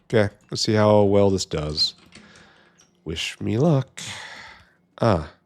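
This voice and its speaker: A deep-voiced man talks his way through a long gameplay session at an unhurried pace, half to himself. His commentary is casual and dotted with dry, wry asides. Keyboard clicks and typing sit behind him. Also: expressive. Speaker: gameplay streamer.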